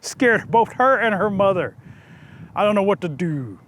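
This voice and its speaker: A shy young man, hopelessly in love and clumsy, speaks in a plaintive, pleading way, as a male storyteller puts him on. His voice runs fairly high for a man. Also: big pitch swings, unhurried, a bit bright, slight background noise, heavily acted. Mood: lovesick.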